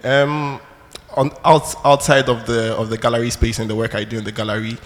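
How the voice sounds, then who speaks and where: A man introducing himself as a gallery director on a panel in a large hall, formal and measured. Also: medium pitch, little pitch movement, a bit bright. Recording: long hall reverb, faint noise.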